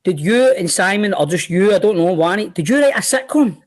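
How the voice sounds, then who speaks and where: A man's voice: high voice, lively intonation, a little fast. A Scottish man hosting a podcast, asking short prompting questions in casual chat. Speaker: podcast host.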